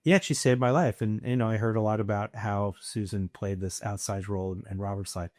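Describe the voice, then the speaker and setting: A middle-aged man, an entrepreneur guest on a podcast, telling casual stories with lively anecdotes and acted-out dialogue. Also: on the low side, fairly quick, no echo, studio quality.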